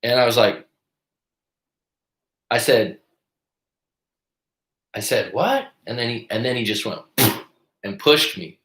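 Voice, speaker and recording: With a mid-range voice in a roomy-sounding space, a man hosting a live stream as a coach speaks slowly and pauses often. His story is casual and profane, and he animatedly acts out what each person said.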